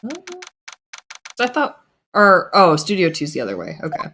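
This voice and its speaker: A woman chatting casually while playing a video game, teasing and joking, quick to laugh. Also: lowish voice, wildly swooping pitch, fairly bright tone, slight background noise. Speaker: co-player of a streamed video game.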